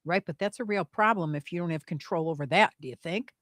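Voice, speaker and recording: A woman's voice: on the low side, fast, a bit bright, dry recording. A woman co-hosting a radio show, chatting casually and laughing easily, recorded on a dry studio mic. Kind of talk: casual banter.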